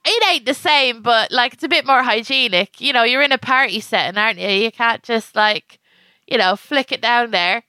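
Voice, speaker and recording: A woman's voice: a little high, normal speed, sharp tone, clear, resonant tone, no room sound. A woman co-hosting a comedic podcast over a video call, wry and self-mocking, often breaking into giggles. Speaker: podcast co-host.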